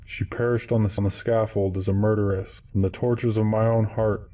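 A man narrating a classic novel in a solemn, measured, somber reading. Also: lowish voice, dark tone, far from the mic, low-quality recording. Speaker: audiobook narrator.

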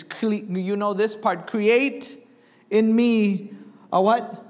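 A man's voice: high-pitched, steady tone, slow pace, big-room sound. A young man preaching a sermon in church, reading scripture aloud and asking the congregation questions. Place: church sanctuary.

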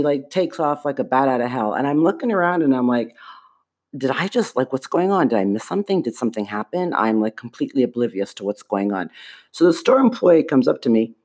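A woman's voice: rumbling low, dark tone. A woman hosting a podcast, telling a personal story in an indignant, emphatic way, with frequent swearing. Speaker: podcast host.

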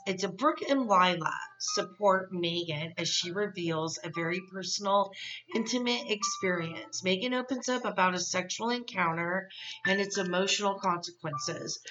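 A woman's voice: mid-range voice, normal speed, lo-fi sound. A woman hosting a casual recap podcast, candid and gossipy, rambling with frank asides. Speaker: podcast host.

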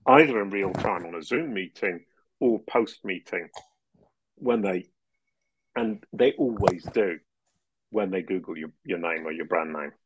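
A man with a fairly low voice speaks as a guest on a casual interview show. He explains in long, animated runs, laughs often and trips over his own restarts. The sound is dry and close. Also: unhurried, long pauses, breathy edge, no echo, poor audio. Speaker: podcast guest.

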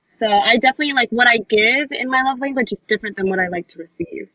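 A woman's voice: a little high, fast, pushed and bright, lo-fi sound. A woman as a guest on a podcast, chatting casually and rambling with many likes and you knows. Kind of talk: casual chat.

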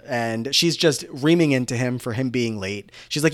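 A man's voice: fairly high pitch, lively intonation, normal speed, few pauses, fairly bright tone, dry recording, studio quality. A man co-hosting a podcast, recapping episode events in a loose, filler-heavy way. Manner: rambling plot recap with many fillers. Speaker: podcast co-host. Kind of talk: casual recap chat.

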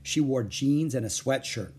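A man reading a children's chapter book aloud, narrating gently and expressively. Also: mid-range voice, animated, a little slow, a little hiss or hum. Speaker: audiobook reader. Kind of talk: storybook read-aloud narration.

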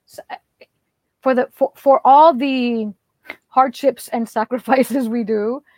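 A woman comedian telling stories as a guest in an animated, chatty way, laughing as she talks. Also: on the high side, slow, dry recording. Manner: expressive, chatty, laughs while talking. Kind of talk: animated storytelling.

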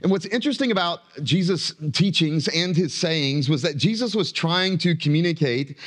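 A man in his thirties preaches from a church stage in a somewhat higher voice. He stretches out key words and lets lines drop low for emphasis, with plenty of dramatic pauses. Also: animated, a bit bright. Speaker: pastor. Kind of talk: sermon.

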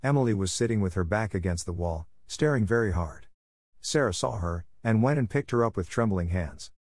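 A man narrating a classic novel as an audiobook in a steady, even telling. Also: lowish voice, brisk, no room sound, clean studio sound.

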